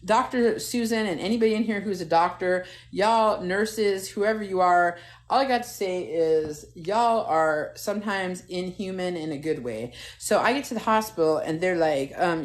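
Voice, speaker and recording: Low-voiced, profane middle-aged woman storyteller. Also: moderate pace. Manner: animated, profane, talks straight to viewers. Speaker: TikTok live host. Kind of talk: casual live-stream chat and storytelling. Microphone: phone.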